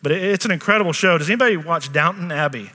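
A man's voice: a little high, racing. Man preaching in a reverberant hall. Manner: conversational preaching with asides and questions to the congregation. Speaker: pastor. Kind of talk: sermon.

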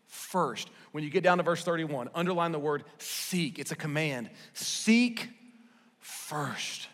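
Pastor preaching in an echoing hall. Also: male voice, mid-range voice. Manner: swings between loud emphatic lines and hushed quiet ones. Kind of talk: sermon. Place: church sanctuary.

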